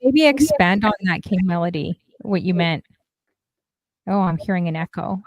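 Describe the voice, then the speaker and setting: A woman's voice: lowish voice, animated, normal speed, no echo. Chatty woman streamer host, dry sound. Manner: chatty, gives shout-outs to chat. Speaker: stream talk show host. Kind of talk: casual livestream chat.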